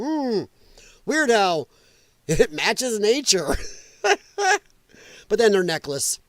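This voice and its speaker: A man's voice: high voice, animated, measured pace, long pauses, no room sound. A man hosting a casual livestream, talking loosely and bluntly and laughing at clips. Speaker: livestream host.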